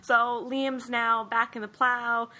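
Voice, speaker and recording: Bright-voiced woman recapping a movie. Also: a little high, slow pace. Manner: animated storytelling, acts out quoted lines. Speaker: podcast co-host.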